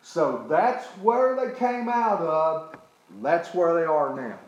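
A man's voice: fairly high pitch, animated, slow, reverberant, highs cut off. A man from East Tennessee, preaching a sermon in a folksy way and often checking in with the listeners. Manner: folksy, often asks "okay?". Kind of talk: sermon with a personal story.

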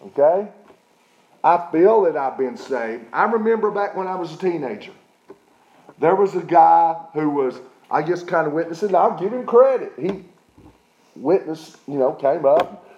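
Pastor, middle-aged man, mellow voice set a little high, emphatic sermon delivery, dull lo-fi church recording. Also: animated, measured pace, echoey room. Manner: emphatic preaching with repeated "okay?" check-ins.

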